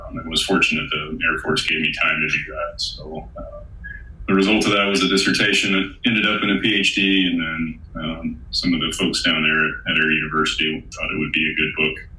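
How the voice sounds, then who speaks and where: A middle-aged man, an Air Force colonel and author, talking calmly in a deep, monotone, professorial voice during an interview. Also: roomy sound, rough recording. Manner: calm, unhurried, self-described monotone professor voice. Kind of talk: casual interview talk.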